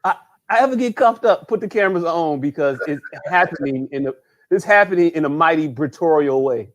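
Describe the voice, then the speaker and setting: A man co-hosting a podcast in loud, profane, joking chat, laughing often and saying he has been drinking. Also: on the high side, brisk. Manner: profane, animated, laughs a lot, repeats "hey, look". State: a bit drunk. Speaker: podcast co-host. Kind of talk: casual comedic chat.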